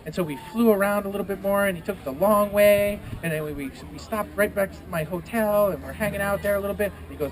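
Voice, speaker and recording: A man telling a story to a festival audience, lively and playful, gasping and making sound effects as he acts out the characters. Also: sits high, fast talker, hardly any pauses, crowd noise. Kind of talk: animated storytelling to a live audience. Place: outdoors at a renaissance festival. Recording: noisy outdoor live recording.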